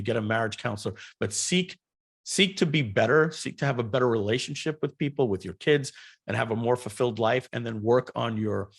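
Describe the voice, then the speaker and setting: A middle-aged man, a guest on a podcast, telling stories in an animated, rambling way and often repeating words. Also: medium pitch, creaky, breathy edge. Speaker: guest entrepreneur. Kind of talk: podcast interview storytelling.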